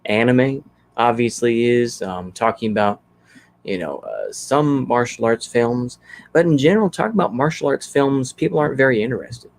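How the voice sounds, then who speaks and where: A man's voice: mid-range voice, big pitch swings, moderate pace, creaky. A man chatting casually on his livestream, rambling easygoing and thinking aloud with lots of fillers as he reacts to comments. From Texas. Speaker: channel host.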